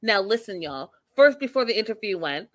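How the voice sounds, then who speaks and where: A woman's voice: mid-range voice, very animated, brisk, no room sound. A woman recapping a reality show for her viewers in a casual, blunt and exasperated way, swearing freely and acting out what people said. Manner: acts out quoted people with sudden loud bursts.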